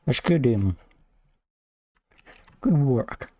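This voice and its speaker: A man's voice: mid-range voice, expressive, drawn-out words, warm tone, no room sound, lo-fi sound. A man streaming himself as he codes, thinking aloud in clipped half-sentences to himself and swearing when things break. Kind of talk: muttering to himself while coding. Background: keyboard typing.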